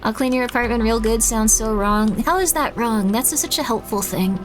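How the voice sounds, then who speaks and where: A woman's voice: fairly high pitch, normal speed, faint music behind. Rambling young woman streamer. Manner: rambling, self-deprecating, bursts into panicked shrieks. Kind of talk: casual gameplay commentary.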